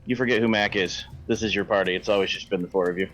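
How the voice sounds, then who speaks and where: A man's voice: lowish voice, steady tone, quick pace, a bit bright. Playful man running a tabletop game. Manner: playful, descriptive. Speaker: game master.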